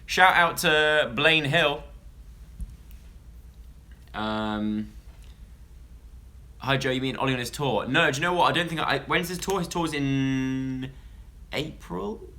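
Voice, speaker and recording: A man's voice: medium pitch, slow pace, pauses often, bright, forceful tone. A young man from England chatting casually on a live stream, rambling and interrupting himself as he talks to viewers.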